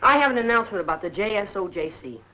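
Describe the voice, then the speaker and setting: A woman's voice: medium pitch, animated, fast, sharp tone. A woman acting a playful, scheming teenage son in a 1950s TV sitcom. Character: cheeky teenage son running odd jobs. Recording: dull old TV soundtrack, faint hiss.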